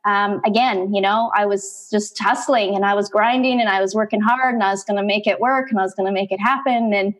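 A middle-aged woman, an interview guest, telling her life story in conversation, animated and acting out bits of past dialogue. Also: mid-range voice, a little fast, few pauses.

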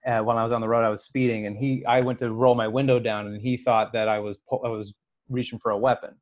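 A man co-hosting a podcast, telling stories in casual chat, animated and full of swearing. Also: mid-range voice, fast. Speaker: podcast co-host.

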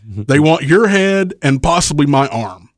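A man's voice: a little high, measured pace, no echo, clean studio sound. A man telling a rowdy story on a podcast, swearing freely, laughing often and acting out the lines of the people in it. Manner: profane, animated, laughs often, acts out quotes. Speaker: wrestling promoter, guest.

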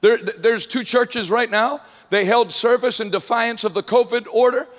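A man with a high voice delivers a sermon, trading jokes and stories with a congregation. He builds from easy storytelling to ringing shouts. His voice rings out under a long hall reverb. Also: moderate pace. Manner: humorous storytelling, rising to shouts. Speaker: preacher.

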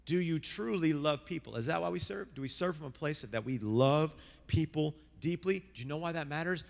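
A man preaching a sermon as pastor, passionate, with big swings between loud, high lines and quiet, low ones. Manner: passionate, rises and drops sharply in pitch and volume. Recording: long hall reverb with guitar music.

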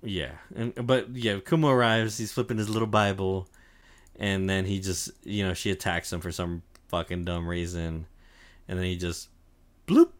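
A young man co-hosting a podcast goes over an anime arc in casual conversation, rambling and cursing, using lots of fillers and voicing quoted lines. His voice sits low, with fairly even intonation, at a normal speed.

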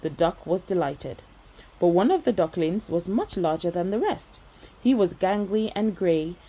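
Low, husky woman reading a bedtime story. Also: lively intonation, unhurried, mellow, rough recording.

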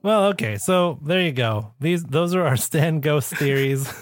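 A man's voice: a little high, a little slow. A man co-hosting a podcast, chatting playfully and laughing easily. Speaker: podcast co-host. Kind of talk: casual podcast chat.

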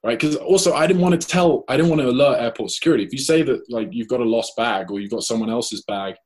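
Husky British man telling a story. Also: medium pitch, fast. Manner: lively anecdote, acts out his own and others' quoted lines. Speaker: guest. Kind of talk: casual storytelling.

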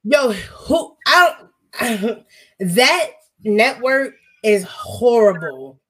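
A woman's voice: a little high, very animated, very slow, a bit bright, husky. A young woman talking in casual podcast chat, blunt, profane and emphatic.

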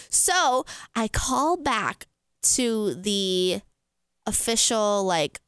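Young woman host recapping a story, chatty and animated; bright, high, forceful voice. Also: slow pace, clear, resonant tone, dry recording. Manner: animated, laughs often, says "like" and "frickin'". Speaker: podcast host. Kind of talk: excited casual storytelling.

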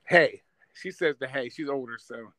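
A man's voice: medium pitch, normal speed, bright, forceful tone, no room sound. A middle-aged man with a New Jersey accent, talking brashly and with lots of swearing in a casual podcast chat. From Northeast US, New Jersey. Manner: brash, profane, boastful storyteller. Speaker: podcast guest, social media personality.

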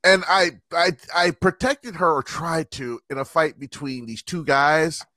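A man telling stories in a casual chat, animated and acting out the people he quotes. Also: a little high, unhurried, no room sound, studio quality. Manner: animated storyteller, acts out quoted voices.

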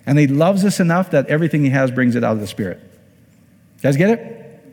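A man's voice: on the high side, expressive, brisk, darkish tone. A man from Iowa preaching a conversational sermon as a pastor. He often repeats words and asks the audience questions. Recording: long hall reverb.

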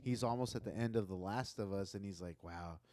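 Animated, cursing male podcast host. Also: fairly low pitch, fast. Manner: swears freely, animated storyteller. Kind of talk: casual chat.

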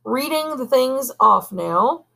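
A woman voicing a drugged older male academy dean who slurs and mumbles his words slowly. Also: a little high, big pitch swings, vocal fry, bright, forceful tone, heavily acted. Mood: slurring. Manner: mumbling, halting, slow.

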